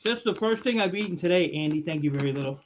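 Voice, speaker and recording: A man's voice: on the high side, animated, quick pace. A man joining a casual live chat as a guest, blunt and joking. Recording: dull lo-fi call audio with faint noise.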